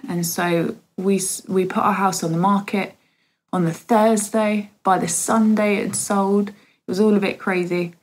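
A woman in her thirties giving a heartfelt spoken testimony in a church service, halting with many pauses and fillers. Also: lowish voice, rough recording.

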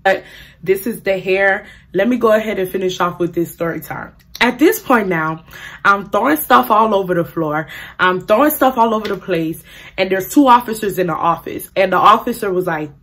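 A young woman telling a profane, animated storytime in casual vlog style, acting out the people in it. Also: medium pitch. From African family. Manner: animated, profane, acts out quotes loudly. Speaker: beauty vlogger.

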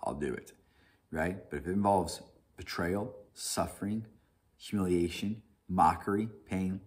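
A man's voice: low voice, measured pace. A man leading a Bible study, reading scripture and then talking it over loosely, with frequent restarts, "right?" and chuckles. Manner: animated, many restarts and "right?", chuckles often.

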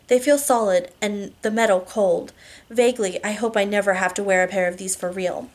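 Woman reading a romance novel out loud, middle pitch, steady even narration. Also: normal speed. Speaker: audiobook reader.

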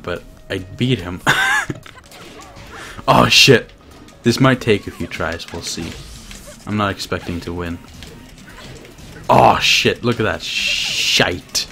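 A man streaming himself playing a fighting game, chatting casually, swearing and laughing, with bursts of excited shouting. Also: on the low side, a little slow, creaky, long pauses, soft background music. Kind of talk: casual gameplay commentary.

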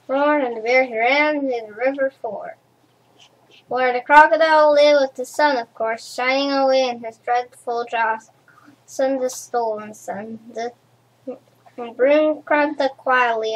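A woman reading a rhyming children's storybook aloud, in a slow rhythmic way with occasional stumbles. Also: high-pitched, fairly even intonation, poor audio. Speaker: storybook reader.

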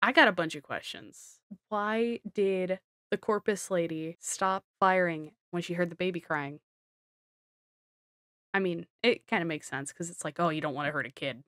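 A woman giving casual commentary on a video game, excitable and rambling, with giggles and self-deprecating asides. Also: on the low side, a little slow, no room sound, clean studio sound. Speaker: gaming streamer.

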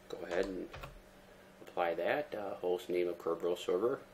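A man with a very low voice guides viewers through a screen-recorded tech tutorial at an easy pace. He explains every step in a relaxed way, sprinkling in many ums and uhs. Keyboard typing and faint noise can be heard behind him.

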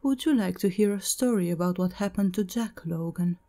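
A woman voicing an eerily calm, distracted woman on a phone line, speaking with a subtle lisp in a horror story. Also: on the low side, a little fast, soft background music, close to an everyday voice. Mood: serene.

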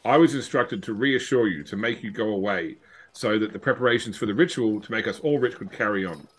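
A man's voice: fairly low pitch, a little fast, husky, rough recording. A man reading out a letter as a frightened male cult member pleading for help.

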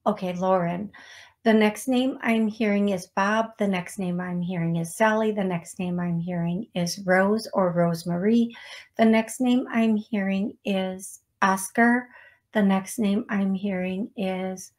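A woman's voice: medium pitch, steady tone, a little mellow. A woman hosting a psychic medium live stream, chatting with viewers and calling out names and songs in a casual, self-deprecating way. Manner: slow, chatty, self-deprecating with small laughs. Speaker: psychic medium show host. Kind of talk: live-stream talk show, reading out names.

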